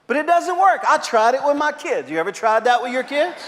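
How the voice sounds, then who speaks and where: A middle-aged man preaching a sermon as pastor, telling animated stories with frequent uh fillers and repeats. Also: very high-pitched, a little fast, a little hiss or hum. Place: church sanctuary. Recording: long reverb of a large church hall.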